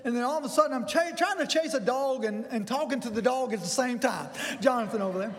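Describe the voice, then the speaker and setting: An older man preaches in a church, mixing scripture with a folksy personal story. His voice sits very high for a man, and it rises into excited bursts as the tale builds. The sound carries a long reverb from the large sanctuary. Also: quick pace. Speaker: pastor.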